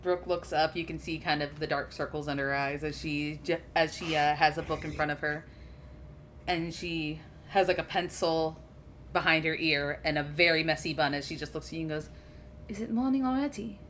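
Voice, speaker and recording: A woman running a tabletop game, narrating scenes casually. Her voice sits low. She speaks with loose fillers and easy pacing. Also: little pitch movement, moderate pace, fairly bright tone, a little hiss or hum. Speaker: game master.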